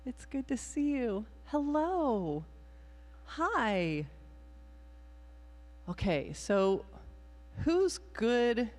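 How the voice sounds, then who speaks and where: A woman's voice: on the high side, very animated, extremely slow, pauses often, a little mellow. A woman minister leading a playful children's time in a worship service, improvising and encouraging the young people. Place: church sanctuary. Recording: long hall reverb in a sanctuary.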